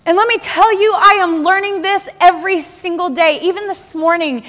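A woman in her thirties preaches with a very high, bright-toned voice, talking to the congregation like friends and piling up rhetorical questions. Her sermon rings out with a long reverb in a large church hall. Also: moderate pace. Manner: lively, conversational, with rhetorical questions and repetition.

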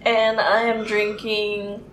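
A woman's voice: medium pitch, completely flat delivery, slow, a bit bright, a little hiss or hum, poor audio. A woman co-hosting a casual podcast over drinks, rambling chattily with fillers. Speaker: podcast co-host.

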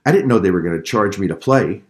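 A man's voice: sits low, lively intonation, fast talker, darkish tone. A man voicing a guilty, tearful ten-year-old boy in a read-aloud story.

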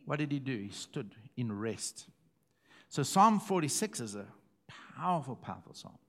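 A middle-aged man preaching a sermon, repeating phrases and swinging between hushed and loud. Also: medium pitch, sing-song, moderate pace. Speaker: pastor.

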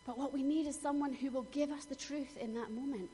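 A woman's voice: sits high, steady tone, fairly quick, warm tone. Earnest woman preaching in an echoing hall. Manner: earnest, personal storytelling with emphatic bursts. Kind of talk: sermon. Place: church hall. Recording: long hall reverb, faint noise.

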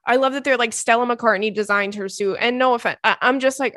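Young female podcast host, expressive and chatty, slightly high voice. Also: brisk, no echo, studio quality. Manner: chatty, ranting, laughs often. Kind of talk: casual chat.

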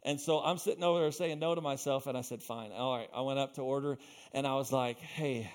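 A young adult man preaching a sermon as pastor, telling stories with loud bursts and quiet asides. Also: medium pitch, quick pace, smooth. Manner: animated storytelling, swinging between loud bursts and quiet asides.

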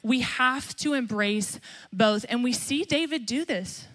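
A woman's voice: a little slow, a bit bright. A young woman pastor preaching a sermon emphatically, acting out quotes as she goes. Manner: emphatic, acts out quotes with rising pitch.

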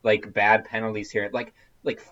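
A man in casual podcast chat, halting and emphatic, with frequent restarts. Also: on the low side, flat delivery, fairly bright tone, lo-fi sound.

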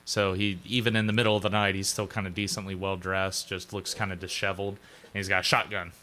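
Young guy running a tabletop game, kinda low voice, punchy, lots of ums. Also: little pitch movement, fast talker, bright, forceful tone. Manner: casual, rambling with fillers. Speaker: game master.

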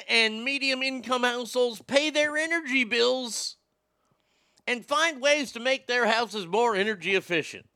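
A sarcastic, foul-mouthed man riffs on the headlines like a show host. His voice sits high and bright with a gravelly edge. The sound is close and dry. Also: no room sound. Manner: sarcastic, profane, mocking. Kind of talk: crude political commentary.

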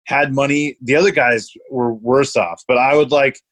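A man's voice: mid-range voice, fairly even intonation, moderate pace, a bit bright. A young man in casual chat, rambling through a story with lots of swearing and laughter.

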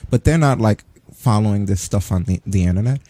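A man hosting a wrestling podcast, chatting in a relaxed, rambling way. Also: fairly low pitch, fairly quick, no room sound. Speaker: podcast host. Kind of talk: casual podcast chat.

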